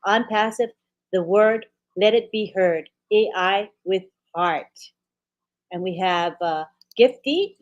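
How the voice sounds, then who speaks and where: Woman co-host, upbeat, reads viewer comments aloud one by one, mid pitch. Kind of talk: live webinar chat.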